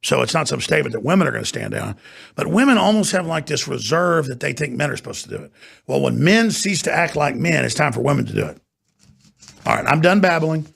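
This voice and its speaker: A man's voice: a little high, expressive, quick pace, creaky, a bit bright, breathy edge. A man hosting a talk show, ranting and mocking in an off-air political monologue from a studio.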